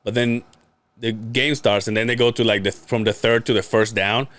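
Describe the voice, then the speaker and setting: A man's voice: mid-range voice, fairly even intonation, normal speed, a bit bright, dry recording. A man, a podcast co-host, telling a story in casual chat, acting out quotes, laughing and swearing freely.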